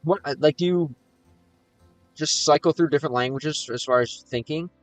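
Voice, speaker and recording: A man's voice: a little high, moderate pace, no room sound, soft background music. An American man livestreaming and chatting casually with viewers, reading their questions aloud. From United States.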